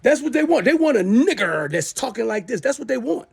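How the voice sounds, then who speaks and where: A man's voice: very high voice, very animated, fairly quick, gravelly, breathy edge. A middle-aged man delivering a heated, profane, repetitive rant into his smartphone as the host of his own show. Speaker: self-styled show host. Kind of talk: angry rant to camera.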